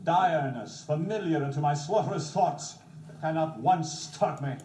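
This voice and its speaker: An actor playing Macbeth, a proud, doomed king grown numb, with a slow, grave stage delivery, heard in an echoey, distant film soundtrack. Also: on the high side, mellow, slight background noise, close to an everyday voice. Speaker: actor in a filmed play.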